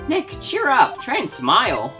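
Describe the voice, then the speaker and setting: A woman voicing an excited young female spirit medium, high and bubbly. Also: a little slow, over music. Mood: eager.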